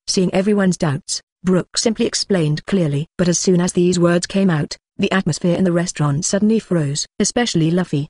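A text-to-speech voice reading an audiobook as narrator, with an even machine-read delivery. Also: medium pitch, normal speed, hardly any pauses, dry recording, studio quality. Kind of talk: scripted narration read aloud.

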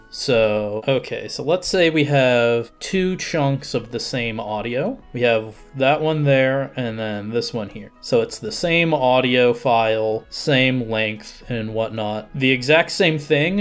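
A man hosting a casual software tutorial, explaining things step by step in a relaxed, conversational way with fillers. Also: medium pitch. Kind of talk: casual screen-recorded tutorial.

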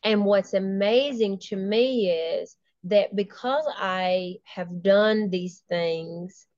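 A woman talks with eager enthusiasm as an interview guest, often laughing and circling back to restart her sentences. Her voice sits at an ordinary middle pitch. The sound is dull and lo-fi, with a dry, close feel and no room around it. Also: slow pace, a little mellow, no echo. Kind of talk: casual interview talk.

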